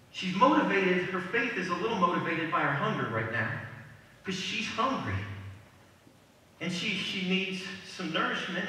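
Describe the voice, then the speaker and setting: A man's voice: sits high, pushed and bright, recorded from a distance, slight background noise. A man preacher telling a story dramatically in a sermon. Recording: echoey hall, voice from afar.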